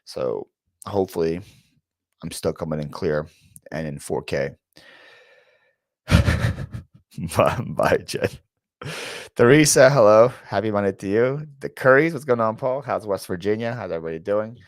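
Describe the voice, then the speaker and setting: This reseller YouTuber runs a relaxed live Q&A, reading chat names aloud and rambling through stories full of "like," filler words, and false starts. He speaks low-pitched at a measured pace, pausing often. The recording sounds close and dry with no echo.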